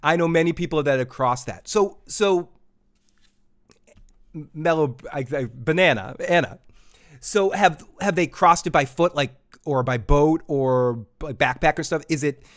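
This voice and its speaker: Guy hosting a live podcast, kinda high voice, jokey, keeps restarting sentences. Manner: loose and jokey, laughs often, trips over words. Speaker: podcast host.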